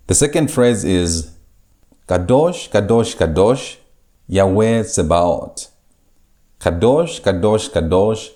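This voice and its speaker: Low mellow guy teaching hebrew grammar, slow and careful, says things twice. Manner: slow, deliberate, repeats key phrases and Hebrew words for emphasis. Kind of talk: recorded classroom lecture.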